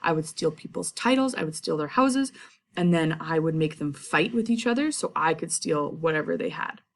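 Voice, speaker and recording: A woman's voice: low-pitched, expressive. A woman voicing a sheepish young prince who hesitantly confesses his greed, in a raised voice. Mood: greedy. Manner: hesitant, halting confession with fillers.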